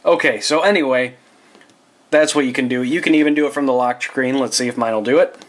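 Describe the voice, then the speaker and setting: A man's voice: mid-range voice, fairly quick. A man giving a casual phone setup tutorial as a tech reviewer. He speaks loosely and chattily, with asides and restarts, and talks straight to his viewers.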